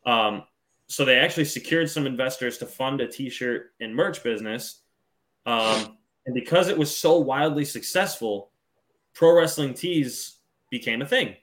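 A man co-hosting a wrestling podcast, talking in a relaxed, rambling way with frequent ums. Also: mid-range voice. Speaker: podcast co-host. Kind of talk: casual wrestling podcast chat.

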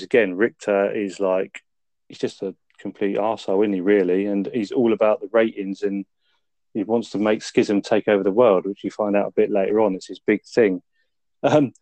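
A man's voice: fairly low pitch, darkish tone, no room sound. A man co-hosting a film review podcast, retelling the plot in a laid-back, sweary way. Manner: laid-back storytelling with frequent swearing and laughs. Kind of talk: casual chat.

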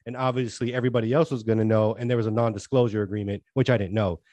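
A man's voice: fairly low pitch, flat delivery, racing, dark tone, dry recording, highs cut off. Earnest rambling male podcast co-host. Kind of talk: casual chat.

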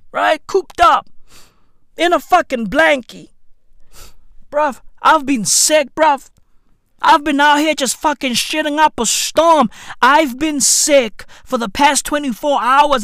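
A high-pitched woman rants in a profane, exaggerated comic style. Her voice leaps up and down as she drags out her words at an unhurried pace. The sound is dry and close, with no room around it. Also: a bit bright, no echo. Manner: profane, exaggerated, rapid-fire slang. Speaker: comic vlogger. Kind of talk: comedic rant.

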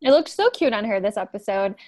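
A woman's voice: medium pitch, sing-song, a little fast, a little mellow, no echo. A woman co-hosting a podcast, chatting casually and agreeably about a TV show. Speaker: podcast co-host.

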